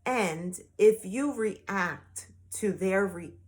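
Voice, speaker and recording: A woman vlogger telling a personal story in a casual, rambling way, full of fillers and restarts, mostly soft and low-key. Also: drawn-out words.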